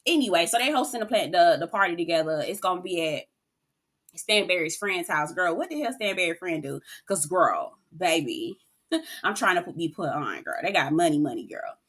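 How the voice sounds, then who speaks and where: A woman's voice: lowish voice, expressive, moderate pace, a bit bright, slightly rough. A woman hosting a reality TV recap in casual commentary, sassy and profane, laughing often and keeping up a stream of "girl" and "child".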